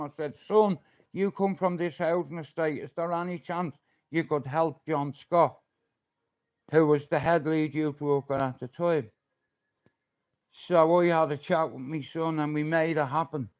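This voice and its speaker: A man's voice: fairly high pitch, a little mellow. Middle-aged Manchester man, confrontational livestream rant, muffled lo-fi audio. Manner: confrontational, swearing, threatening. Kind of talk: ranting livestream monologue.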